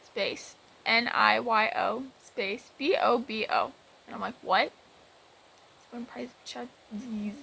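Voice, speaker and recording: A woman's voice: fairly high pitch, takes it slowly, vocal fry, bright, forceful tone, slightly rough, rough recording. A woman vlogger retelling a game story in a rambling, exasperated way, with many restarts. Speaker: gaming vlogger. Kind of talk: casual storytelling about a game.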